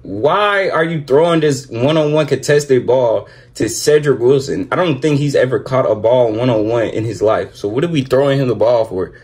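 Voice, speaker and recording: A man's voice: mid-range voice, normal speed, hardly any pauses, darkish tone. A young man hosting a football reaction, ranting in casual slang and repeating himself when frustrated. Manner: exasperated, repetitive, slangy rants. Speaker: sports reaction host. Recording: music playing behind the voice.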